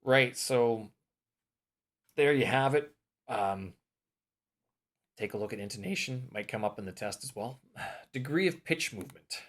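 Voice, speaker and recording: A man's voice: medium pitch, animated, a little slow, long pauses, a bit bright. A man teaching English, reading his course notes aloud in a casual study vlog, thinking aloud and muttering self-mocking remarks as he checks his answers.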